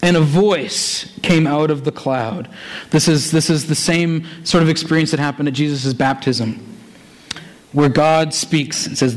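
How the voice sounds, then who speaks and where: Preacher, male, fairly high voice, animated delivery of a sermon with scripture reading. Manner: animated, switches between fast asides and slow, stressed phrases.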